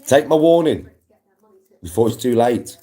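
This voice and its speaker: A man's voice: mid-range voice, lively intonation, a little slow, mellow. A man, a livestream host, ranting at live viewers in an aggressive, defiant, swearing way.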